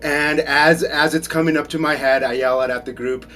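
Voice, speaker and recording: Male player, mid pitch, slow dramatic storytelling. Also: fairly even intonation, bright, forceful tone. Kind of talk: in-character narration of his death.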